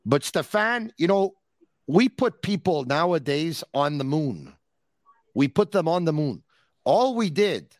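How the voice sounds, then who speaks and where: Teasing podcast host, dry mic. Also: male voice, on the high side, expressive, no echo. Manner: teasing, playful, drawn-out emphasis. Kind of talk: casual call-in chat.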